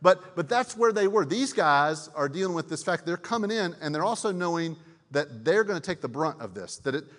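A man preaching a sermon in a relaxed, conversational way, with many fillers and restarts and frequent questions to his audience. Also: on the high side, a little fast. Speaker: pastor. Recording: long reverb of a large hall.

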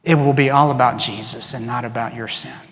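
A man preaching a sermon as pastor, animated, acting out quoted voices and dropping to soft, earnest tones. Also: medium pitch, brisk. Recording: long reverb in a large hall.

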